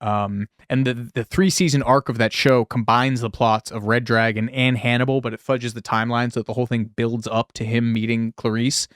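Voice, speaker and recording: A man's voice: mid-range voice, flat delivery, a little fast, hardly any pauses, fairly bright tone, dry recording, studio quality. A man co-hosting a casual podcast, reading out film history with wry, sarcastic asides. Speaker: podcast co-host.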